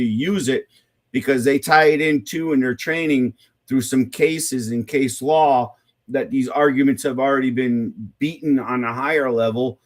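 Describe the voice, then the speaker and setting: A man hosting an unscripted advocacy talk, blunt and informal, rambling with many fillers, repeated words and restarts. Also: medium pitch. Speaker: activist host.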